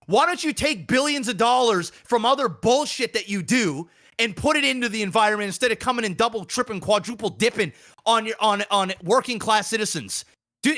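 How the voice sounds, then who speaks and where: Casting: high, bright, animated man, profane podcast ranter. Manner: profane, heated, repetitive. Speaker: podcast co-host. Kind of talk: ranting casual chat.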